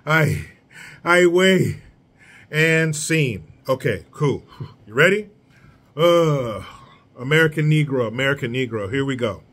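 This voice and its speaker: A man's voice: medium pitch, expressive, slow pace, long pauses, fairly bright tone. A man delivering a solo commentary rant in a sarcastic, mocking, blunt manner. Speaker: political commentator.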